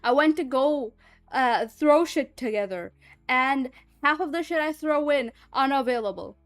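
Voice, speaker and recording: A woman's voice: sits high, expressive, a little slow, no room sound, soft background music. A woman streamer in casual livestream chat, rambling and chatty and swearing freely.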